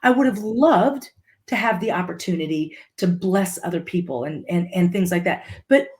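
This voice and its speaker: A woman's voice: fairly low pitch, normal speed, a little mellow. A woman from Litchfield, Illinois, a podcast guest telling a motivational story and repeating her key phrases for emphasis.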